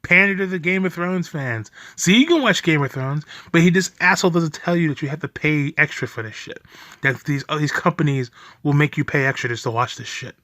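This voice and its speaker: A man's voice: fairly high pitch, fairly quick, sharp tone, no echo, studio quality. Furious, profane young man ranting. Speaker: video reaction host. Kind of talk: angry reaction commentary.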